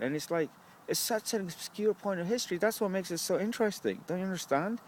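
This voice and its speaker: A young male vlogger rambles to the camera at a bus stop in a high, animated voice, talking fast over slight background noise. He swears often and keeps asking "right?"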